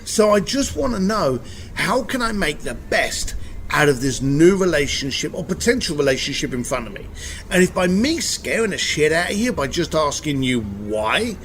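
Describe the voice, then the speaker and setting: A man being interviewed, talking bluntly and casually, telling animated stories with a swear word here and there. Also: a little high, normal speed, slight background noise. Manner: blunt, animated storytelling with profanity. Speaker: interview guest.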